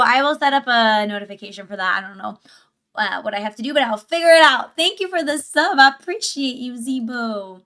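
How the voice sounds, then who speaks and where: Bright, chatty streamer woman. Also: a little high, expressive, normal speed. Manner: chatty and giggly, reading chat aloud. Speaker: livestream host. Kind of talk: casual livestream commentary.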